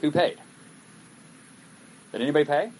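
A man's voice: a little high, moderate pace, a little mellow, a little hiss or hum, low-quality recording. A male pastor giving a sermon in a conversational way, reading scripture aloud and breaking off to comment on it. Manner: conversational, reads scripture aloud with acted asides.

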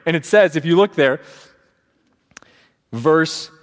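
Animated male preacher in a reverberant hall. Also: on the high side, slow pace. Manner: animated storyteller, acting out quotes with shifts in voice. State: sleep deprived. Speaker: pastor. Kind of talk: sermon.

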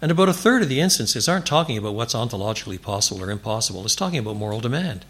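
A man preaching a sermon in a church, animated and building to emphatic declarations. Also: mid-range voice, rapid-fire, hardly any pauses, slightly rough. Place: church before a congregation.

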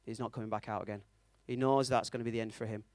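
A man's voice: on the low side, steady tone, rapid-fire, a little mellow, no room sound. A man preaching a conversational sermon, telling a story and checking in with his audience, with a self-mocking manner.

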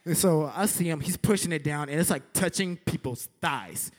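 A young man teaching a lesson through an animated story, acting out scenes with sound effects and saying "like" a lot. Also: fairly high pitch, normal speed. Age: young adult. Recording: echoey hall with long reverb.

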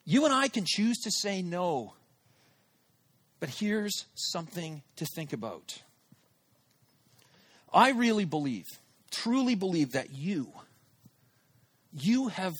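Animated male pastor telling a story. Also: sits high. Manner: animated, acts out his own inner thoughts. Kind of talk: sermon with personal storytelling. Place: church service held in a theater.

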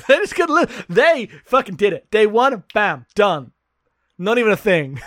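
A man with a fairly high voice talks close to the mic in a dry, dead room. He runs a sarcastic comedic chat about a bad book. He laughs a lot and slips into mock quotes of its characters. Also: big pitch swings, moderate pace, fairly bright tone, no echo. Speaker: podcast co-host. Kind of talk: casual comedic book discussion.

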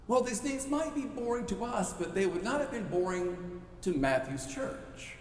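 A man's voice: high voice, lively intonation, moderate pace, slight background noise. A man preaching a sermon in a storytelling, conversational way, with playful asides to the congregation. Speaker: pastor. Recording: echoey hall with long reverb.

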